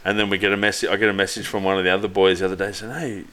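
A man's voice: low-pitched, level tone, racing, sharp tone, smooth. A man co-hosting a rugby podcast, telling a rambling, sweary story and laughing often. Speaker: podcast co-host. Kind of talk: casual storytelling chat.

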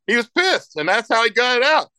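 A man's voice: very high-pitched, big pitch swings, fairly quick, sharp tone, clean tone, no echo, rough recording. A middle-aged man in casual podcast chat, rambling and emphatic, swearing constantly as he talks about raising his kids.

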